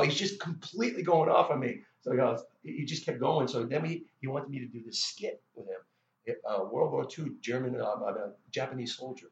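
Animated middle-aged man telling a story. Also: mid-range voice, brisk. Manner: animated, with many restarts and stammers. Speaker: guest musician. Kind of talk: casual storytelling interview. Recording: roomy, dull lo-fi sound.

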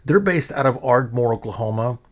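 A man's voice: mid-range voice, animated, fairly quick. A middle-aged man hosting a podcast in a casual, rambling monologue, swearing freely and often restarting his sentences. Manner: rambling, profane, frequent restarts. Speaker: podcast host.

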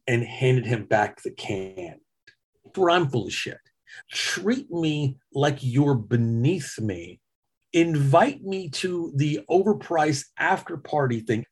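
A man's voice: medium pitch, husky. A middle-aged man hosting a podcast, telling a story in a casual, self-mocking chat. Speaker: podcast host.

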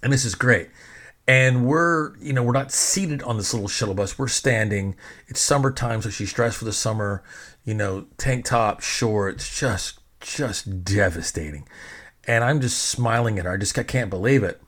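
Low-voiced middle-aged man telling a story. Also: normal speed, fairly bright tone. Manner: rambling, profane, self-mocking. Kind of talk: casual personal storytelling.

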